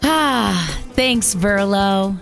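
A woman playing an overheated woman desperately calling for help in a comic radio ad, with a squeaky, creaky, drawn-out wail. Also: animated, heavily acted. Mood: relieved. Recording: radio ad with loud music.

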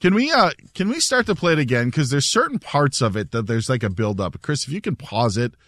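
A man's voice: mid-range voice, big pitch swings, fairly quick, fairly bright tone, no room sound. A man hosting a casual radio show, telling stories animatedly and laughing as he talks. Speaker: radio host.

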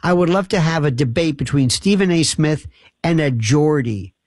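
A man hosting a late-night talk radio show, joking and teasing his callers in an animated way. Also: fairly high pitch, normal speed, no echo, studio quality.

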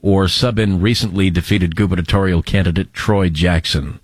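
A male co-host chats casually, low-key and a little hesitant. His voice is very deep and dry, recorded close with no room sound. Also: steady tone, normal speed, dry recording. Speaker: co-host and producer. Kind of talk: casual talk show banter.

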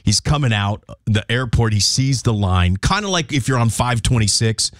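A man co-hosting a morning radio show, bantering and telling jokey stories in a lively, casual way. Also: mid-range voice, no echo, clean studio sound. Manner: joking, animated storytelling with quick asides.

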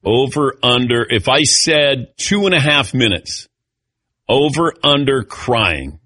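A middle-aged man hosts sports talk radio, and his bright, slightly husky voice swoops up and down as he tells stories. He sounds dry and close on a studio mic while he calls on his panel in turn. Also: mid-range voice, slow pace, no echo. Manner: animated storyteller, calls on panelists. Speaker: radio show host.

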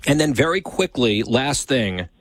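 A man's voice: medium pitch, big pitch swings, unhurried. A man hosting a show, teasing his producer in dry, casual on-air banter. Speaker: show host.

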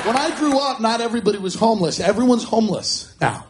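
A man's voice: high voice, big pitch swings, fast, over a noisy crowd, very noisy. A man doing wry, offhand observational stand-up. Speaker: stand-up comedian. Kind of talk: stand-up comedy.

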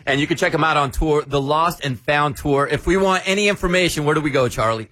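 Bright upbeat radio host man. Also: on the high side, fast. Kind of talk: morning radio interview.

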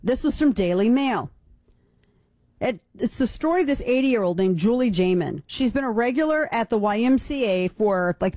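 Woman, talk radio host, blunt, sarcastic, indignant, fairly high voice, dry studio sound. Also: a little mellow, dry recording. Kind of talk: opinion talk radio monologue.

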